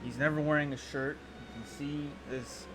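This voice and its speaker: A man narrating as game master in a tabletop game, speaking haltingly and often correcting himself, with music playing behind. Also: a little high, steady tone. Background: background music.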